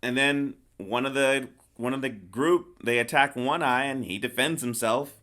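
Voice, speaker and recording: A man's voice: medium pitch, unhurried, bright, forceful tone. A middle-aged man hosting a casual podcast, recapping a film in a rambling, hesitant way with lots of restarts. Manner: rambling, hesitant, acts out characters' lines. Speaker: podcast host. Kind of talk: casual movie review chat.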